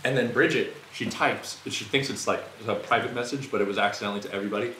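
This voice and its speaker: An actor playing an excitable young man, telling a work story in a casual, slangy way in a naturalistic short film. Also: fairly low pitch, quick pace. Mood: excited. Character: restless, excitable young man who misses office life. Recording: echoey room with rain noise. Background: rain.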